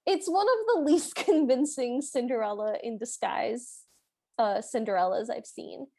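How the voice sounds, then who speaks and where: A woman's voice: a little high, moderate pace, creaky, darkish tone. A woman co-hosting a podcast, casually discussing a film and laughing easily. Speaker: podcast co-host. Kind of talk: casual movie recap chat.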